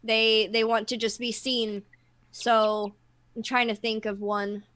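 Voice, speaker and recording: A woman's voice: a little high, flat delivery, slow pace, a bit bright. A woman who works with clients, talking openly and explaining things in casual chat. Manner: open, explanatory, many fillers. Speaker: therapist.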